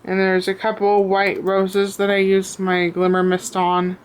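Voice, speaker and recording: A woman showing off a craft piece she made, talking out of breath, with many pauses and ums, recorded on a camera on a tripod at home. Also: medium pitch, monotone, clean tone. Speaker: crafter showing her work. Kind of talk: casual show-and-tell.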